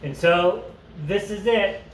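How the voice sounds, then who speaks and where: Brief: fairly high-voiced male teacher, chatty with asides, roomy echo, faint hiss. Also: fairly even intonation, takes it slowly. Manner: conversational, joking asides, reads aloud and comments. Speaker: teacher leading a parent study group. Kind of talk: casual teaching talk with read-aloud passages. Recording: echoey room with faint noise.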